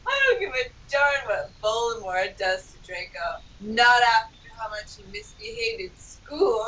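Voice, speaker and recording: A woman's voice: a little high, lively intonation, unhurried, a bit bright. A woman co-hosting a comedy podcast, reading a silly story aloud and giggling between lines. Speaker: podcast co-host. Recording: distant mic with faint background noise.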